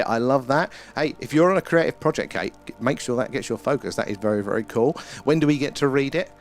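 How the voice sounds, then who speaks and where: A man's voice: medium pitch, slight background noise. A British man hosting a casual live stream, chatting, greeting viewers by name and swearing mildly. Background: faint ambient music.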